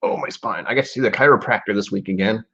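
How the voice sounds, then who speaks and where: A man's voice: fairly low pitch, fast, creaky, sharp tone, breathy edge, highs cut off. A man in his forties hosting a casual live-stream tasting, musing aloud and rambling with trailing asides. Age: 40s.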